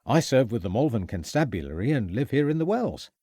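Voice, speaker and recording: A man's voice: mid-range voice, sing-song, fairly quick, dark tone, no room sound, studio quality. A man voicing a cheerful country police constable who speaks respectfully and eagerly. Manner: respectful, eager, says sir often.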